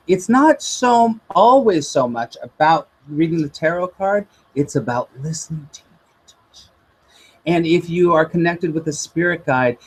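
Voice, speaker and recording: A man teaching tarot in a chatty, animated way, often checking in with his listeners. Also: a little high, slightly rough, rough recording. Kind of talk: informal teaching talk.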